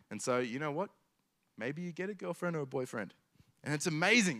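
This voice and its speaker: A man's voice: a little high, lively intonation, normal speed, fairly bright tone. A man preaching a sermon in an earnest way, building his points through emphatic repetition.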